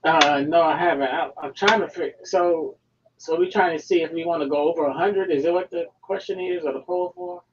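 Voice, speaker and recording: A man calling into a livestream, quiet and hesitant, asking careful questions over a dull lo-fi line. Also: a little high, brisk, slight background noise. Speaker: caller on a livestream. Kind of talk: casual call-in chat. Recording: dull lo-fi call audio.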